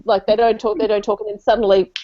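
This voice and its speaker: A woman's voice: medium pitch, flat delivery, fast. A woman in casual podcast chat, reassuring her friend and offering practical suggestions. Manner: reassuring, supportive listener. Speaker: podcast co-host. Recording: slightly muffled lo-fi audio.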